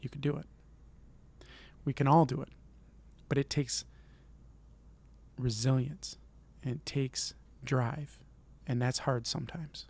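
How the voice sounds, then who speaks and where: A man's voice: medium pitch, fairly even intonation, takes it slowly, creaky, long pauses, darkish tone. A middle-aged man from Michigan hosting his own vlog, giving an earnest, encouraging motivational talk and often repeating himself. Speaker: vlog host.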